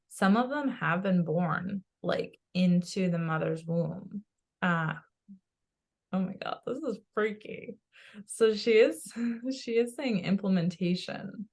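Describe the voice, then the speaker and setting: Woman, psychic medium, gravelly voice, excitable and giggly in casual chat. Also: mid-range voice. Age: adult with a child. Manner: excitable, laughs often, relays a spirit's words.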